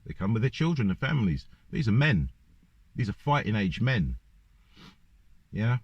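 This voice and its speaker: A man's voice: on the low side, sing-song, normal speed, breathy edge, dry recording. A man ranting in a monologue to camera, firing off one rhetorical question after another. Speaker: vlogger. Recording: dull lo-fi dry recording.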